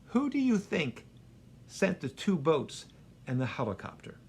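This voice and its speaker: A man voicing God, answering in a calm, dry manner. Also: on the high side, a little slow, a little hiss or hum, exaggerated voice. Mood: wry. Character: God, calm and wryly incredulous.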